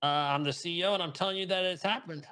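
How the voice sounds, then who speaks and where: Rapid-talking, flustered man with a high voice over loud gunfire. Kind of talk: game roleplay chat over voice comms. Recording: loud game noise and gunfire behind.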